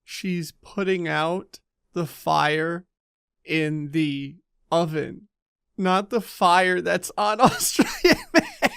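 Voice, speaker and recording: A man giving sarcastic, comedic commentary over gameplay, voicing his characters in quick silly asides. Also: sits high, huge pitch swings, gravelly, a bit bright, smooth, no echo, studio quality. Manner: sarcastic, playful, voices sims in silly asides. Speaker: let's play commentator.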